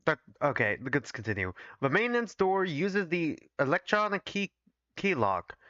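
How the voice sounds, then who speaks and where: Chatty male streamer reading a game aloud, higher voice, slightly lo-fi dry desk-mic audio. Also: very animated, moderate pace, pushed and bright, no echo. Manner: chatty asides, self-corrections. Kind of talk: casual reaction commentary while reading.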